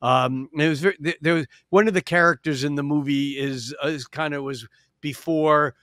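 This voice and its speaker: A man's voice: a little high, steady tone, moderate pace, a bit bright. A man appearing as an astrologer guest on a podcast, explaining at length in an expansive storytelling way, with frequent restarts. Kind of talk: casual podcast chat. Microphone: podcast microphone.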